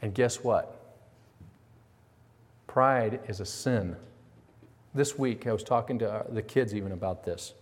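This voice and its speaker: A man's voice: fairly low pitch, a little slow, pauses often. Preaching man in a reverberant hall. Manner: animated storytelling with acted quotes, rhetorical questions. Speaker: pastor. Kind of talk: sermon. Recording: long reverb of a large hall.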